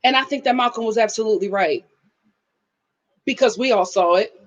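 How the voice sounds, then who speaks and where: A woman hosting a casual live review of a reality show, animated, slangy and outspoken. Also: fairly high pitch, a little fast, dull audio. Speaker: reality TV reviewer and channel host.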